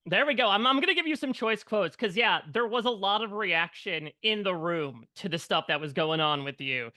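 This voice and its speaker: Bright-voiced male interviewer. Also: high-pitched, lively intonation, normal speed, no echo, clean studio sound. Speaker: entertainment journalist interviewer. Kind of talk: interview questions.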